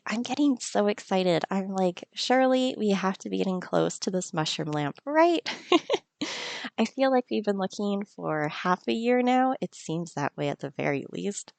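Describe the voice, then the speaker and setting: A woman's voice: medium pitch, gravelly, dry recording. Giggly woman playing a cozy game. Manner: playful, giggly, talks to the game. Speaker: gaming channel host. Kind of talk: casual let's-play commentary.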